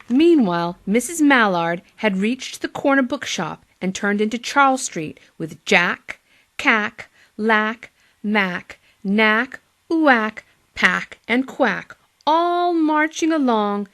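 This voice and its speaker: A woman's voice: on the high side, a bit bright. A woman teacher with a Boston accent reading a picture book aloud to young children, with playful asides to them.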